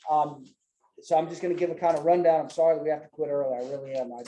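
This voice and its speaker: A man's voice: fairly high pitch, steady tone, rapid-fire, dark tone, reverberant, lo-fi sound. Folksy man teaching a Bible class. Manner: folksy, loose, keeps saying "man" and "right?". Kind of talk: casual teaching with personal stories. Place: church classroom with a group.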